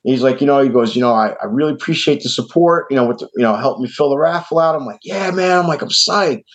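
Animated New York man telling a story. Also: quick pace. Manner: animated, acts out quoted voices in a higher pitch. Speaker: podcast host. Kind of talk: casual storytelling. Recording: dull lo-fi podcast audio.

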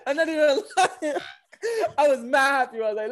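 A man, telling a dating story in a loose, animated, slangy way and acting out both sides of each exchange. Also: extremely high pitch, fairly quick, slight background noise. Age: 20s. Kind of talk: casual storytelling.

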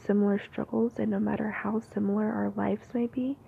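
A woman's voice: mid-range voice, flat delivery, brisk, gravelly, few pauses. A woman giving an unscripted, free-flowing musing in a whispered ASMR talk. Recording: tinny phone-like audio with faint hiss.

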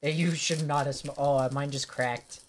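A man's voice: fairly high pitch, steady tone, moderate pace, slight background noise. A young man co-hosting a casual podcast, laughing and reading out party-game prompts during a spicy food challenge. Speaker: podcast co-host. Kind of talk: casual chat.

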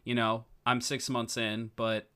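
A man co-hosting a podcast in casual, excitable chat. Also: medium pitch, a little slow, clear, resonant tone. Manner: chatty, excitable, restarts often. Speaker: podcast co-host.

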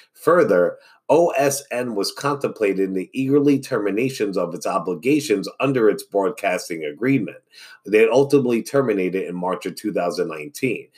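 A man's voice: lowish voice, darkish tone, slightly rough. A man hosting a wrestling news podcast, reading reports casually and tripping over his words. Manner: stumbles over words and restarts.

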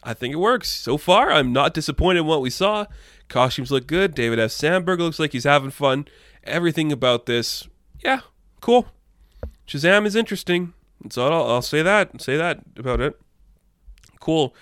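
Guy chatting comic news, kinda high voice, dry close sound, laughs a lot. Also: animated, normal speed, a bit bright, no echo. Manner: chatty, opinionated, laughs often; rambling asides. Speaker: comic book news commentator. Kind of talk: casual pop-culture commentary.

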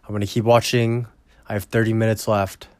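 A man's voice: on the low side, flat delivery, fairly quick, dry recording. A man recapping a movie in a casual, rambling way, blunt and full of swearing. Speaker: movie reviewer.

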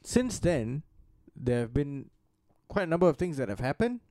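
A man's voice: fairly high pitch, big pitch swings, moderate pace, dark tone, no room sound. A man co-hosting a casual podcast, explaining things at length in a loose, swearing way. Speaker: podcast co-host.

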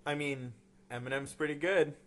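A man's voice: fairly high pitch, normal speed. A young man guesting on a friend's podcast, rambling with lots of fillers and dry sarcasm. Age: young adult. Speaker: podcast guest, youth group leader. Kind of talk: casual chat.

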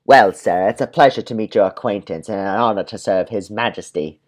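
A man's voice: lowish voice, brisk, lightly acted. A man doing a prim, unhinged young soldier. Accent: attempted British. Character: polite, quietly unhinged young British soldier.

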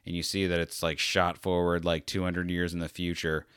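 A man's voice: sits low, flat delivery, normal speed, a bit bright, clean tone, dry recording, studio quality. A man hosting a solo podcast who talks in a casual, rambling, self-deprecating monologue. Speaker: podcast host.

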